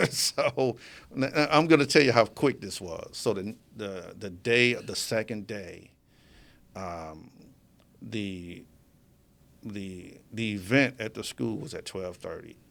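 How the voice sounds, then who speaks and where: Speaking slowly in a fairly low, creaky voice with a fairly bright tone, a man sits as an interview guest in a media studio. He recounts his story in a relaxed, animated way, laughing frequently.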